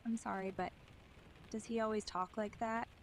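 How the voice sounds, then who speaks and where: A woman's voice: a little high, steady tone, moderate pace, a little hiss or hum, natural voice. A woman playing a blunt, irreverent female news anchor giving candid, offhand commentary. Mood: dismissive. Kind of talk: mock news broadcast.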